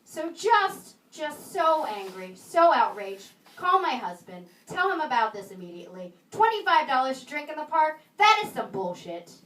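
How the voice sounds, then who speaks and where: A woman performing a stand-up comedy set, with wry, sarcastic asides and pauses before punchlines. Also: high-pitched, sing-song, a bit bright. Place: small comedy venue in a video store, live audience. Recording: roomy live room, mic a bit distant, audience laughter.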